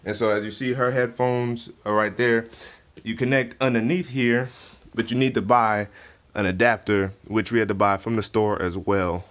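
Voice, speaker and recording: A man's voice: fairly low pitch, fairly even intonation, moderate pace, fairly bright tone. Laid-back slangy young man. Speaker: vlogger. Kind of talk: casual product walkthrough. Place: cluttered room at home.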